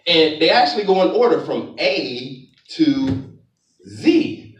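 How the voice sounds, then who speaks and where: A man's voice: on the high side, sing-song, slow pace, distant mic. A young man giving a live motivational talk on stage in a large conference auditorium, calling out to the audience like a preacher. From Florida, US. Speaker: motivational speaker. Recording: echoey hall, speaker off-mic.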